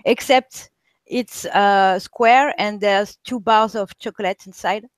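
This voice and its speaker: Woman, halting, casual chat, dry sound. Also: medium pitch, steady tone, smooth, no room sound. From France. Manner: halting, many restarts and fillers. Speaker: guest.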